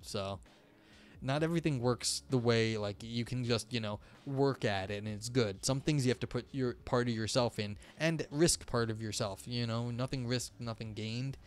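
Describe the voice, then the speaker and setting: Male livestream host, middle-pitched, reads passages then muses loosely in asides. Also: moderate pace. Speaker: livestream host reading and analyzing texts. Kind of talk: reading aloud with casual commentary.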